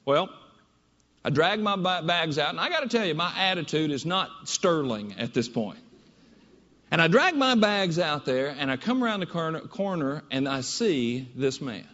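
A man giving a keynote talk, telling a story in an animated, conversational way. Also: on the high side, normal speed. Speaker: keynote speaker. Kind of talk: storytelling presentation. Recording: dull audio in a reverberant hall.

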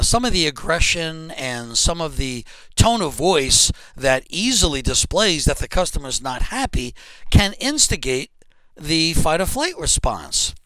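A man giving an instructional talk on customer service, explaining in an emphatic, lively way. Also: on the high side, dry recording, rough recording. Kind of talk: instructional lecture.

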